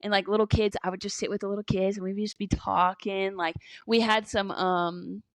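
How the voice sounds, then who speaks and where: A woman's voice: medium pitch, little pitch movement, normal speed, dry recording. A woman in her twenties co-hosting a casual podcast, telling stories with lots of "like" and "you know" and swearing now and then. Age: 20s. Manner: chatty storytelling full of "like" and "you know". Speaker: podcast co-host. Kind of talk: casual chat.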